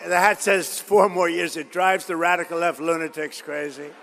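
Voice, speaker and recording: A man's voice: fairly high pitch, steady tone, normal speed, a bit bright. A man giving a rambling, boastful political rally speech, repeating himself and drifting into stories. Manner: boastful, repetitive, digressive storytelling. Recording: reverberant hall.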